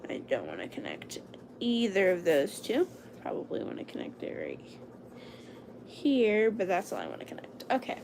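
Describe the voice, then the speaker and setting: A young woman chats casually to her stream while she draws, narrating every stroke and now and then dropping to a hushed whisper. Her voice has a gravelly edge and swings up and down in pitch. The home recording carries a steady layer of noise. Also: normal speed. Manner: chatty, talks herself through each step, drops to a hushed whisper at times. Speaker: livestreamer. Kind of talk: casual livestream chat while drawing.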